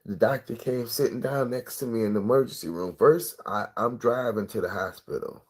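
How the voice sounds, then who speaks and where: A middle-aged man telling a personal story in a casual, profane, animated way, acting out the quotes. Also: medium pitch, normal speed, breathy edge.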